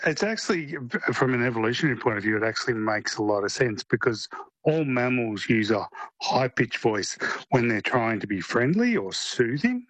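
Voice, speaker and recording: A man with a deep voice, a guest expert explaining things chattily on radio, with lots of restarts. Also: fairly bright tone, dry recording. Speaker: guest neuroscientist. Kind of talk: radio interview.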